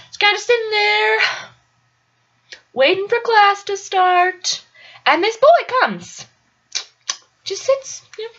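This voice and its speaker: A young woman, a college student, tells a casual personal story in a chatty, rambling way full of fillers. Her voice is very high and a bit bright, with lively intonation, a slow pace, and frequent pauses. The recording is muffled.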